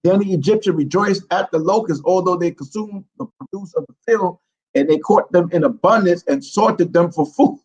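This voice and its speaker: A man's voice: sits high, normal speed, darkish tone, dull audio. A man reads scripture aloud, stumbling over words and breaking off into profane, incredulous commentary.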